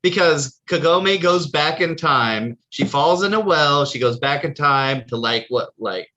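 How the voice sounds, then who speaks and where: Rambling young man, bright voice. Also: on the high side, lively intonation, measured pace, muffled recording. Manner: rambling, laughs often. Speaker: podcast co-host. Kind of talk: casual chat.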